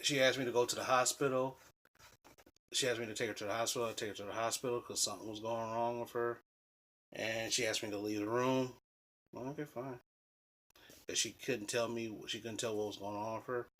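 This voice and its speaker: A man telling personal dating stories in a casual, animated, rambling way, swearing freely and restarting sentences. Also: medium pitch, brisk. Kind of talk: casual storytelling.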